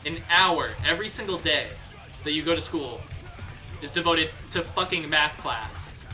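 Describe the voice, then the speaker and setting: A man's voice: on the high side, moderate pace, bright, forceful tone. A young man from the United States livestreaming, ranting heatedly with lots of swearing and restarts, faint guitar music behind. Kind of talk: casual livestream rant.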